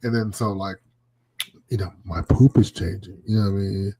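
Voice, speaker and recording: A man in his fifties co-hosting a casual comedic chat show, animated and swearing freely. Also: on the low side, moderate pace, husky. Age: 50s. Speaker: co-host.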